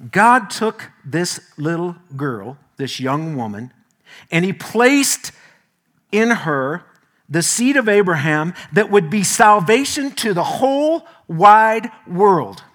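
A man delivers a sermon as pastor in a slightly high, bright and forceful voice. He preaches in a folksy, animated way and slips easily into homely personal stories. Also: slow.

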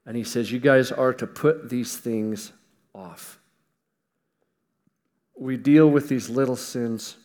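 A man's voice: mid-range voice, long reverb tail. Folksy man preaching with emphasis. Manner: emphatic, swings between loud and hushed; folksy, with humor. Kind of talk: sermon.

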